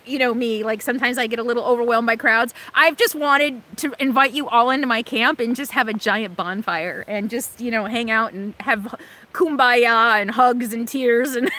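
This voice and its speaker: Bright high-voiced woman chatting on a live stream. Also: poor audio. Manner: rambling, emotional, with many fillers and restarts. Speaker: vlogger hosting a live stream. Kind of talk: casual live-stream chat reading viewer comments. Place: RV camp in Alaska.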